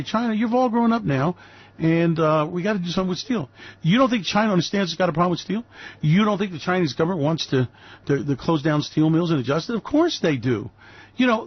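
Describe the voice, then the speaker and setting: Older man from New York City, radio host, ranting and emphatic; husky voice with dull, lo-fi sound. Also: high voice, no echo. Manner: emphatic, ranting, rhetorical questions. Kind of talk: opinionated radio commentary.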